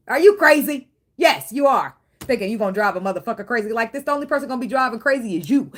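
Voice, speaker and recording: Blunt woman tarot reader, mid-pitched voice, casual and profane, talks straight to camera. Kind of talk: casual tarot reading monologue.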